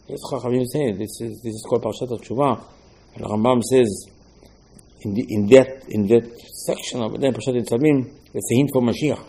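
Man, husky and mellow, delivering a Torah lecture with Hebrew terms and restarts. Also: medium pitch, moderate pace, low-quality recording. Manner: loose, repetitive phrasing with Hebrew terms. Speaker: rabbi.

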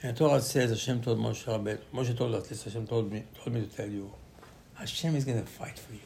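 A man teaching a Torah class as an animated story. He acts out quoted voices with sudden loud bursts and mixes Hebrew terms into his English. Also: mid-range voice, quick pace, creaky, slight background noise.

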